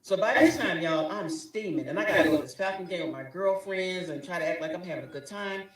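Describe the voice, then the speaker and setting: Animated woman storyteller in an echoey room. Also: lowish voice, fast talker, distant mic. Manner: dramatic, acts out both sides of quarrels. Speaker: guest telling her story.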